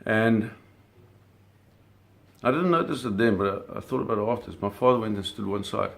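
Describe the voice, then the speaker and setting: A man's voice: fairly low pitch, lively intonation, a little fast, vocal fry. A man telling a vivid personal story in a casual way, cursing freely and acting out the sounds and scenes. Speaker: storyteller recounting a personal experience.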